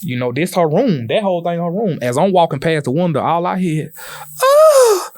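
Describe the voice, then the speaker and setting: A man hosting a podcast, telling a story in animated casual talk and swearing freely. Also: a little high, fairly quick, no room sound, clean studio sound. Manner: animated, swearing, acts out voices in his stories. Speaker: podcast host.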